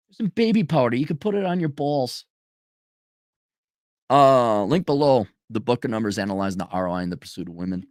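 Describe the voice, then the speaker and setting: A man's voice: mid-range voice, big pitch swings, normal speed, pauses often, no room sound, clean studio sound. A man hosting a commentary stream, ranting in a profane, sarcastic way and mocking people in put-on voices. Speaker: commentary show host. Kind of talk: livestream rant commentary.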